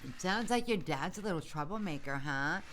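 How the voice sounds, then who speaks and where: A woman's voice: deep voice, expressive, brisk, crowd noise. A woman hosting a casual chat, reacting with playful, sympathetic remarks. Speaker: host.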